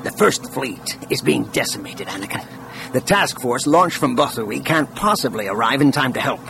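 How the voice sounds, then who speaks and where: A man's voice: mid-range voice, lively intonation, normal speed, gravelly, bright, forceful tone, a little hiss or hum. A man voicing a wild-eyed, scheming man who presses his point urgently.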